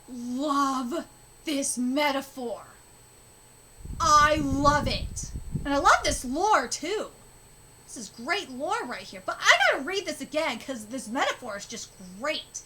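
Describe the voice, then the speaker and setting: A woman in her thirties streaming a live manga reading, gushing and excitable, who swears freely as she reacts. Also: high voice, slow pace. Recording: noisy home recording.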